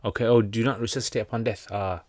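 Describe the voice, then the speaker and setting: A man's voice: fairly low pitch, fairly even intonation, fast talker, darkish tone, no echo, studio quality. Chatty British man on a livestream. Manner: chatty, joking, loose with many fillers. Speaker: Islamic teacher answering viewer questions. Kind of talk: casual livestream Q&A.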